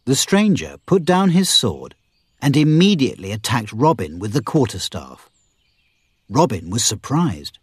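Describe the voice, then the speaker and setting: A man narrating a graded reader in a careful, deliberate way. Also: mid-range voice, wildly swooping pitch, husky, no room sound, clean studio sound. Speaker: audiobook narrator.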